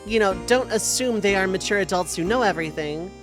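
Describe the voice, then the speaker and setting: A woman's voice: medium pitch, animated, brisk, over music. Rambling young woman chatting over a game. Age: young adult. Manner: rambling, filler-heavy, with repeated restarts. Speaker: let's play streamer. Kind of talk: casual chat over gameplay.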